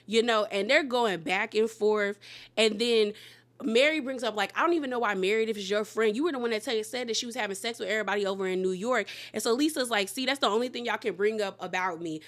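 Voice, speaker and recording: A woman recapping a reality show in a lively, casual way, acting out the cast's lines and laughing often. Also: a little high. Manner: animated, quotes the cast in quick bursts, laughs often.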